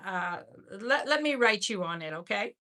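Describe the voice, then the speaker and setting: Bright, chatty woman selling jewelry live. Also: medium pitch, animated, normal speed. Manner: chatty, effusive, repeats words. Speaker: host of a live jewelry sale. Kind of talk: casual live-stream selling.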